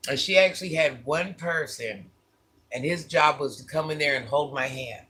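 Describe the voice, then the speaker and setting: A man tells a personal story straight to his viewers in a casual, candid vlog. His voice sits a little high, with a bright, tense edge and a husky grain. He repeats phrases to drive his points home. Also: normal speed. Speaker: vlogger.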